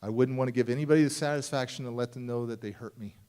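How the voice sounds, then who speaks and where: A motivational speaker telling a personal story at a conference, acting out the people in it and swinging between hushed and loud. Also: male voice, mid-range voice, very fast, smooth. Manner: acts out voices of people in his story, swings from hushed to shouting. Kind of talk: dramatic storytelling keynote. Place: large conference hall.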